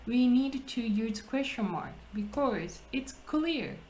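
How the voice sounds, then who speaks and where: A woman hosting a casual language-practice chat, talking slowly, laughing often and restarting her phrases. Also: on the high side, expressive, darkish tone, slight background noise, poor audio. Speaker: English conversation partner and host.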